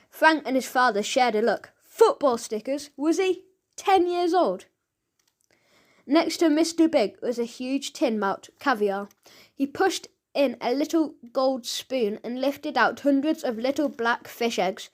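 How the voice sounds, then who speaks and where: A woman narrating a children's audiobook in a lively, expressive storytelling manner. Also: high voice, a little slow.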